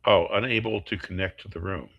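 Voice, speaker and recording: Husky low-voiced man explaining techniques. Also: a little fast, lo-fi sound. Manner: explains step by step through worked examples. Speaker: course instructor.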